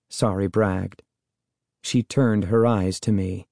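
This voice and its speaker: A man reading a children's story aloud as narrator, in a steady storytelling manner. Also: lowish voice, slow, vocal fry, no room sound, studio quality. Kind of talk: audiobook reading.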